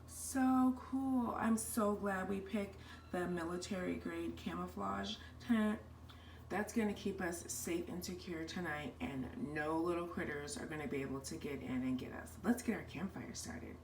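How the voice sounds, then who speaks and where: A woman voicing a playful mini movie about girls at a camp, switching between excited girls and a low teasing brother. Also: normal speed, vocal fry, distant mic, a little hiss or hum. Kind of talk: playful doll-play mini movie, several voices.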